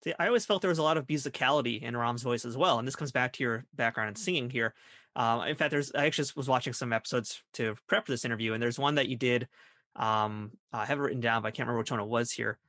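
A man's voice: mid-range voice, quick pace, a bit bright, dry recording, studio quality. A man hosting a podcast, asking questions in an eager, fan-like way. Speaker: podcast host. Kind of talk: podcast interview.

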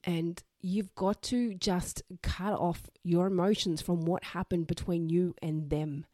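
Frank aussie mum in her 30s giving parenting advice, dark warm tone, dry sound. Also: on the low side, no echo. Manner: direct, frank, swears casually. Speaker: podcast host. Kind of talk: solo advice podcast.

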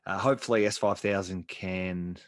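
A man's voice: low voice, steady tone, moderate pace, no room sound, clean studio sound. A man co-hosting a casual motorsport podcast, chatty with lots of fillers and restarts. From Australia. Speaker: podcast co-host.

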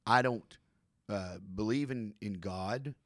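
A man's voice: on the low side, slow, a bit bright, no room sound, studio quality. A middle-aged man hosting a casual discussion, earnest and searching, thinking aloud with restarts.

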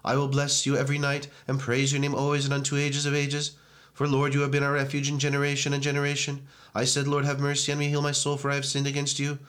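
Man reading prayers in a flat, quick monotone. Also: mid-range voice. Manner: brisk monotone recitation. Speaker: reader of prayers. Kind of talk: liturgical reading.

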